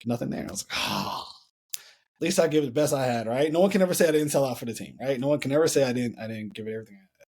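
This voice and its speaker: A man in his thirties from the United States, a podcast guest telling a story in an animated way, often repeating and restarting his phrases. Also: medium pitch, very fast. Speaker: podcast guest, former Olympic hurdler. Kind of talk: storytelling in a conversational interview.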